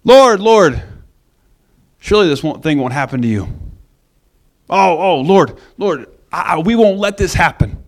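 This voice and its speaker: A man's voice: fairly high pitch, expressive, measured pace, pauses often. A man acting out an eager, boastful male apostle who always insists he has a plan.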